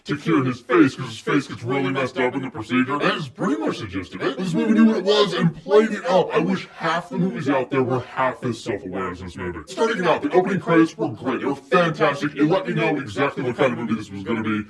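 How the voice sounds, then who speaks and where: A man's voice: mid-range voice, lively intonation, fast, few pauses, far from the mic, over a noisy crowd. A young man giving a casual, irreverent movie review and swearing freely.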